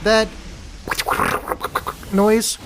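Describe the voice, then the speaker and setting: Sarcastic podcast co-host, higher voice. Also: male voice, monotone, drawn-out words, background noise. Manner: rambling, sarcastic, restarts a lot. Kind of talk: casual chat.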